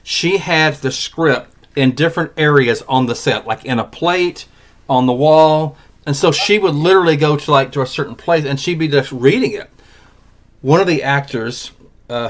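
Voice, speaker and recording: A man's voice: medium pitch, moderate pace. Easygoing man hosting a chat show. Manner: laughs often, reads audience questions. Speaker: podcast host. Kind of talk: casual webcast chat.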